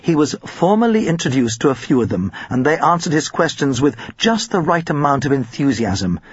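Husky, expressive male storyteller. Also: a little high, normal speed, no echo, muffled recording. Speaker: narrator. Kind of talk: audiobook narration.

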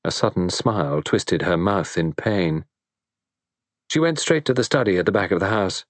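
Low-voiced male audiobook narrator. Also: dry recording. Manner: measured, even storytelling.

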